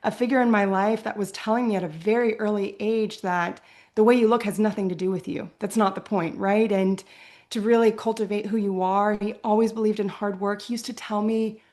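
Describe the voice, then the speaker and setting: A woman's voice: medium pitch, fairly even intonation, a little fast, a little mellow. A young adult woman from Virginia, talking reflectively as an interview guest, often ending points with a questioning "right?". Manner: earnest, often ends with "right?".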